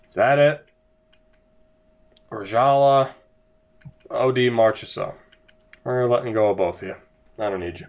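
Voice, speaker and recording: A young man narrates his video game session with weary sarcasm, drifting from one grumble to the next. He talks at a slow, drawn-out pace in a voice of middling pitch. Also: animated, lo-fi sound. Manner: exasperated, sarcastic, rambling. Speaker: gaming video creator. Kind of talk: let's-play commentary.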